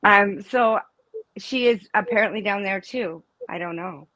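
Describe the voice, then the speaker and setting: A woman's voice: medium pitch, measured pace, sharp tone, no room sound, rough recording. A middle-aged woman, a student's mother, telling stories emphatically in a casual interview, restarting her sentences often. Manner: emphatic, storytelling, with many restarts.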